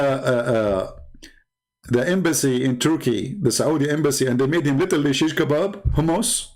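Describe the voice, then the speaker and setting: A man's voice: fairly high pitch, animated, moderate pace, darkish tone. Sarcastic man giving political commentary. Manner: sarcastic, mocking, laughs often. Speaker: channel host.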